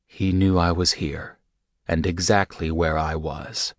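A man reads a first-person audiobook in a measured, steady way. His voice sits very low. The sound is dry and close, with no room around it. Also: no room sound. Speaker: audiobook narrator.

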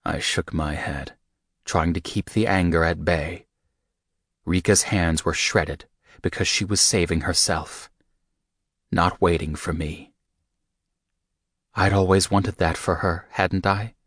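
Deep, steady male audiobook narrator. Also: slow pace, pauses often, no echo, clean studio sound. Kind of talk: first-person audiobook narration.

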